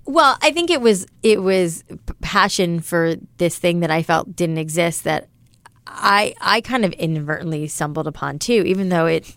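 Low creaky woman, chatty founder. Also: expressive, moderate pace, fairly bright tone, no room sound. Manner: chatty, many fillers like "you know" and "like". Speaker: business founder interviewed. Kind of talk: casual interview talk.

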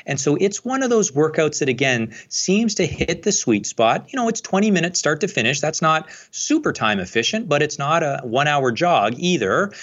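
A man who is an exercise scientist, giving measured, explanatory answers as a podcast guest. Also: fairly high pitch, big pitch swings, fairly bright tone, dull audio.

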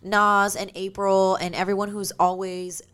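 A woman's voice: medium pitch, little pitch movement, unhurried, a bit bright, clean tone. A woman co-hosting a podcast in a studio, chatting casually in an upbeat, bantering way. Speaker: podcast co-host. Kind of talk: casual chat.

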